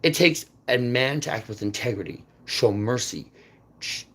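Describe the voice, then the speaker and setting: A man with a husky, mid-range voice speaks in an unscripted monologue. He rambles from topic to topic, repeats himself, and pushes hard on emphatic words. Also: mid-range voice, lively intonation, normal speed. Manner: intense, jumps between topics, repeats words, emphatic swings in loudness. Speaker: channel host.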